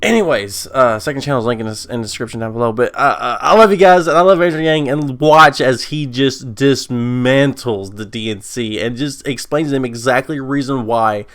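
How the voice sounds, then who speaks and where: A man hosting his own channel, chatting casually and excitedly, rambling and laughing often. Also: medium pitch, brisk, few pauses. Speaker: commentary channel host. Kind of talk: casual vlog chat.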